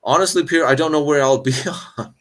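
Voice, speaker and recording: Fast and a little high in pitch, a man fields questions on battlefield history during a live stream, indoors while on location. His talk is candid and meandering, peppered with sarcasm and frequent restarts.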